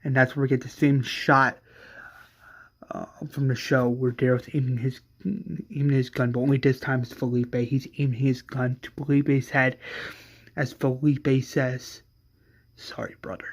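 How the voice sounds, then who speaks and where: Excitable, profane man retelling a story. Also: medium pitch, measured pace. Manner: excitable and profane, with many restarts. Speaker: fan storyteller. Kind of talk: casual retelling of an imagined episode.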